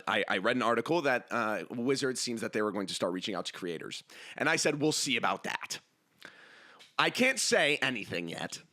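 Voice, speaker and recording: A man's voice: medium pitch, sharp tone. A young man hosting a casual solo podcast, rambling and self-mocking as he jumps between tangents. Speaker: podcast host.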